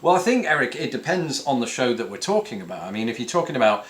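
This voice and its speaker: A man's voice: mid-range voice, big pitch swings, fast talker. Wry British man joking to camera. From England. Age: 30s. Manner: dry self-mocking humour with puns. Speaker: YouTube host answering viewer questions. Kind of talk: casual chat to camera.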